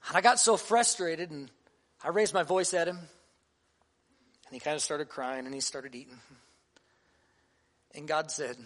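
A man's voice: high-pitched, normal speed, pauses often, fairly bright tone. A man in his thirties, a pastor giving a sermon to fathers, earnest and conversational with touches of humor.

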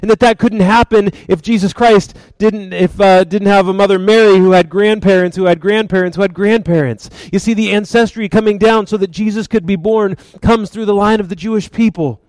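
Animated high-voiced male preacher. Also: a little fast, few pauses, no echo, rough recording. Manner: animated, conversational storyteller. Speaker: pastor. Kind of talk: sermon.

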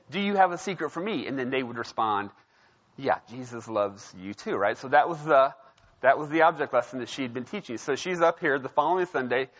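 Male pastor, conversational sermon delivery, a bit high, muffled lo-fi recording. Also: a bit bright. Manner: conversational, storytelling, frequent "right?". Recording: dull lo-fi sound.

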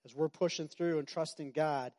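Middle-aged male pastor, slightly high voice, chatty sermon delivery with repeated phrases and sudden outbursts. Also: steady tone, moderate pace, a little mellow. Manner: conversational preaching with repetitions and sudden outbursts.

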